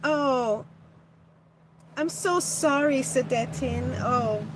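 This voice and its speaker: Soft-spoken, slow woman host. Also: high-pitched, slight background noise. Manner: gentle, warm-hearted, hesitant with restarts. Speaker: livestream host. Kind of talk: casual livestream chat reading comments.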